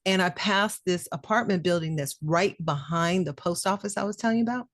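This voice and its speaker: A middle-aged woman, a podcast co-host, telling a personal story in a casual, animated and emotional way. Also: fairly low pitch, brisk, no room sound, studio quality. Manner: animated, emotional storyteller who acts out quoted voices.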